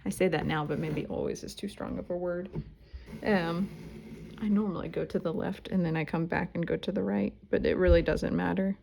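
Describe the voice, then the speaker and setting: A woman's voice: lowish voice, vocal fry, darkish tone. A woman, teaching embroidery at home in a chatty, self-deprecating way. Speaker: embroidery instructor. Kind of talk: casual tutorial talk while stitching. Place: at home, indoors.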